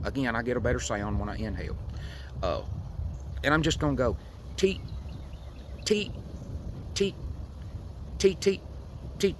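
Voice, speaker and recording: A man from Tennessee gives a folksy, unhurried demonstration of hunting calls, with frequent fillers. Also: medium pitch, a bit bright, slight background noise. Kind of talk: outdoor how-to demonstration.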